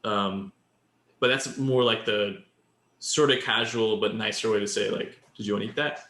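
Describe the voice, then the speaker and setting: A man's voice: lowish voice, steady tone, moderate pace, fairly bright tone, reverberant. A man co-hosting a podcast, explaining Japanese in casual chat and building example after example. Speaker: podcast co-host.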